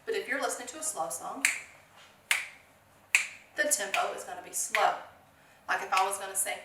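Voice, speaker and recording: A woman's voice: mid-range voice, normal speed, reverberant, recorded from a distance, heavy background noise. A woman teaching a phonics lesson to young children, encouraging them, asking questions and answering them herself.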